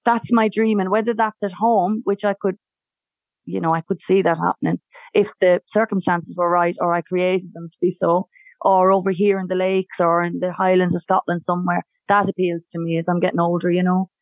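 A woman's voice: lowish voice, little pitch movement, fairly quick, dry recording, highs cut off. An Irish woman from Tipperary, a singer guest, chatting casually in an interview and laughing often. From Ireland.

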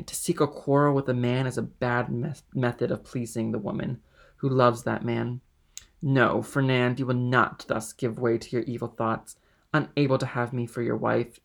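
A man's voice: mid-range voice, flat delivery, moderate pace, vocal fry, close to an everyday voice. A man reading aloud and voicing a passionate, loyal young woman who speaks with raised emphasis. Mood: impassioned.

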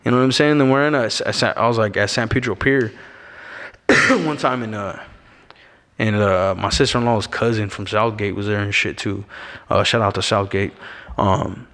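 A man's voice: lowish voice, normal speed, a bit bright. A man from Arizona telling a story as a podcast guest, slangy and laid-back, dropping "bro" and "you know what I'm saying" into every line. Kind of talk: casual storytelling. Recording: long echoing reverb.

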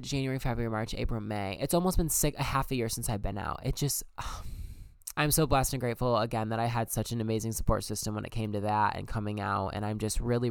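A man's voice: medium pitch, clear, resonant tone, no echo. A young man telling a personal story as a podcast host, candid and emphatic, swearing often. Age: young adult. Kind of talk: personal monologue.

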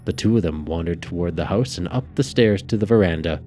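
Casting: male audiobook narrator, very low voice, measured delivery, faint music bed. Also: mellow.

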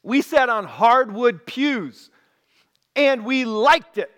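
A man preaching a sermon, telling a story with lively acted-out voices. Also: very high voice, slow. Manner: animated storytelling, acts out quoted voices. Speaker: pastor.

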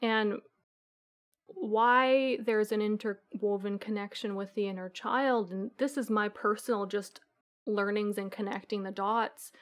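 A woman coach giving an earnest, animated answer in a podcast interview, acting out the voices of her clients. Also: medium pitch, unhurried. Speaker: guest coach.

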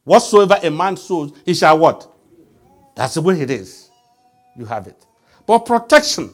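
A man's voice: a little high, big pitch swings, a little slow, faint music behind. A man preaching a sermon, emphatic and quizzing the congregation with call-and-response questions.

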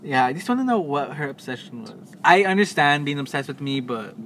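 A young man co-hosting a podcast, chatting casually and telling animated stories with acted-out quotes. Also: a little high, brisk. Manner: animated storytelling, playful, acts out quotes. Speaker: podcast co-host. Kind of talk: casual chat. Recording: noisy, corrupted mic audio.

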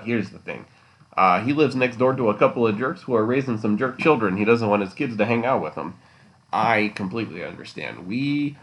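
A man with a fairly low voice hosts a solo podcast from home, talking loosely and answering listener questions. He rambles and jokes, teasing his listeners in a casual, unscripted way. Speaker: podcast host.

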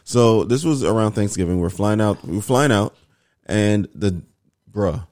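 A young man and father telling a family story in casual chat, slangy and animated, acting out what people said. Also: fairly low pitch, measured pace, dry recording, clean studio sound. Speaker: co-host, father.

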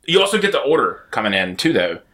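A man co-hosting a podcast, talking casually and jokingly about a film and acting out lines in loud put-on voices. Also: mid-range voice, quick pace. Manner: animated, jokey, acts out lines in loud voices. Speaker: podcast co-host. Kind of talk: casual movie chat. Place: house.

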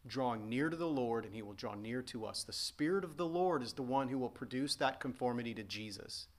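A man's voice: medium pitch, animated, brisk. A man preaching a sermon as pastor, earnest and emphatic, often repeating and restating his points.

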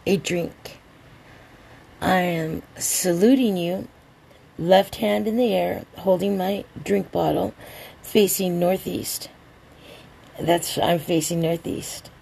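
A woman hosting a rambling solo podcast, a little drunk and stoned, drawling along and breaking into excited outbursts. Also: on the low side, vocal fry, a little hiss or hum. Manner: tipsy, meandering, slow drawl with sudden excited outbursts. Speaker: podcast host.

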